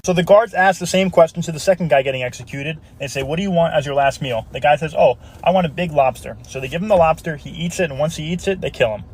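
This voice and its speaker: Brief: quick, higher-voiced man telling jokes, casual delivery. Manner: casual storytelling with put-on voices. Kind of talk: telling a joke story.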